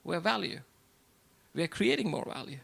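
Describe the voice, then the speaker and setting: A middle-aged man speaks from the front of a hall to a business crowd. His voice is raised and gravelly, and he throws the audience rhetorical questions and hammers home short repeated lines. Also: sits high, very animated, brisk, fairly bright tone. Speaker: event speaker. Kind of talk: motivational speech to a live audience. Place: event hall before an audience.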